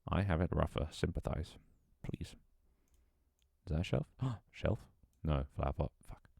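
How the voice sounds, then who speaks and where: A man with a very deep, low voice mutters and thinks aloud while he builds a game level on stream. He swears freely, banters with his chat, and his voice sometimes cracks. The sound is dry and close, with no room echo. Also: lively intonation, moderate pace, creaky, a little mellow, husky. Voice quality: voice cracks at times. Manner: mutters to himself, swears often, jokes with chat.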